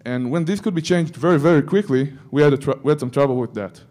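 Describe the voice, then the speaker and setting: A man's voice: a little high, fast, darkish tone. A man giving a security conference talk, breaking into joking asides to the audience. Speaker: conference speaker.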